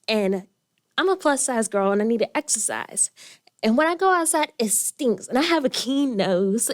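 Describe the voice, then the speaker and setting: A young woman speaking at a county meeting, emotional and crying as she pleads. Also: a little high. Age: young adult. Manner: emotional, tearful plea. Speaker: public commenter. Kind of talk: public comment at a county meeting.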